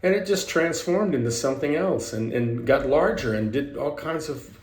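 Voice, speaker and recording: A man sharing a personal spiritual story in a halting, reflective way, often restarting his sentences. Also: on the high side, expressive, darkish tone, echoey room. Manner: halting, hesitant, many restarts and fillers. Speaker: author sharing spiritual experience.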